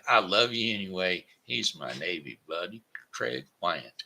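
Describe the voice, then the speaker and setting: A man's voice: sits low, lively intonation, measured pace, creaky, bright, forceful tone, husky. A man hosting his own daily live show, chatting in a folksy, rambling way with friendly asides to his viewers. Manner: breaks into a homespun goodbye song. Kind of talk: casual live-stream chat.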